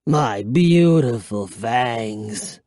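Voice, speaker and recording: A man putting on a slow, murmuring old vampire, Count Nightwing. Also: expressive, a little mellow, dry recording, studio quality. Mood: mournful. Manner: slow, low, drawn-out murmuring. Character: ancient thirsty male vampire count, gloomy, menacing. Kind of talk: audiobook character voice.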